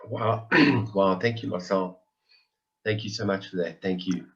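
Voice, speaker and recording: A man in his forties tells his own story in an earnest, heartfelt way and keeps circling back to the same phrases for emphasis. His voice sits on the low side. The call audio is dull and lo-fi. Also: unhurried. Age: 40s. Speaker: member giving a testimony. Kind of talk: emotional personal testimony on a call.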